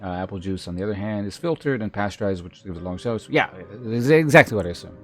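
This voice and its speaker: A man's voice: fairly low pitch, animated, quick pace. A man streaming, chatting casually with his viewers in a rambling way, with many restarts and filler words. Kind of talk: casual chat with live viewers.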